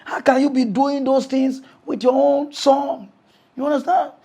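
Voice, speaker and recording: A man with a Nigerian Pidgin accent, hosting a mock news comedy show as an animated, laughing ranter who swings between shouting and muttering. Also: very high-pitched, unhurried. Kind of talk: comic pidgin rant.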